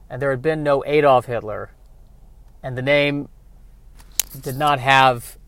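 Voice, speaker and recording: A man talking in a rambling comic monologue, digressive and self-mocking, often talking to himself. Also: mid-range voice. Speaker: vlogger.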